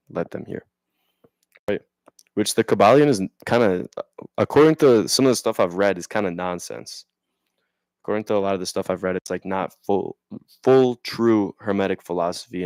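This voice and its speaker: Young man, very low voice, rambling slangy monologue, reads and riffs, dry close sound. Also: a little mellow, smooth, dry recording. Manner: rambling, slangy, checks in with "right?"; reads passages aloud then riffs on them. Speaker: vlogger. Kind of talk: casual explanatory monologue.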